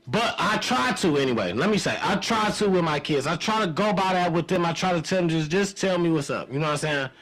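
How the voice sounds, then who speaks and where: A man's voice: a little high, animated, brisk, hardly any pauses, fairly bright tone. A middle-aged man co-hosting a podcast, telling rambling stories full of slang and profanity. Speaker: podcast co-host. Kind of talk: casual chat.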